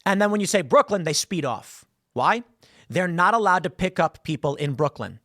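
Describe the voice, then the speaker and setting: A man's voice: high-pitched, lively intonation, moderate pace, fairly bright tone, no echo. Dry-miked man telling a story. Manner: conversational storytelling, acts out quotes. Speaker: political commentary host. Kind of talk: solo political commentary.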